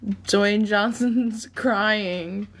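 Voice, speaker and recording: A woman's voice: mid-range voice, fairly even intonation, drawn-out words, slight background noise. A woman hosting a livestream, chatting casually with her viewers and often breaking into laughter. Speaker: livestream host.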